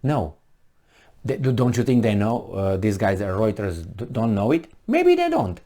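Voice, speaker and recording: A man with a somewhat low voice rants through a news article, his tone sarcastic and mocking. He sounds exasperated as he comments. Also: very animated, normal speed, mellow. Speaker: political commentator.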